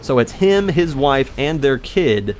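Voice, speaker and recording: A man's voice: medium pitch, slow pace. Young guy rambling through a story over a game, keeps correcting himself, gets worked up, faint hiss behind. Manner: rambling, self-correcting, animated when indignant. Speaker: let's play commentator. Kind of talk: casual storytelling over gameplay.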